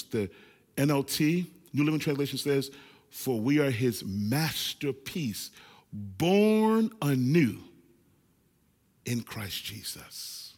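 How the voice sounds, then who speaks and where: A man in his forties preaching a lively sermon, calling on the congregation to shout responses. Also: mid-range voice, slow, long reverb tail. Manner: animated, calls for congregation responses. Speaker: pastor.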